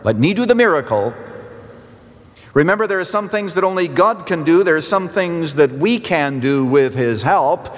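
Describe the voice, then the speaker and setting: A man preaching a sermon as pastor, emphatic and repetitive for force, dropping to a hush at key endings. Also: on the high side, normal speed, hardly any pauses, long reverb tail. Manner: emphatic, repeats phrases for force, drops to quiet at endings.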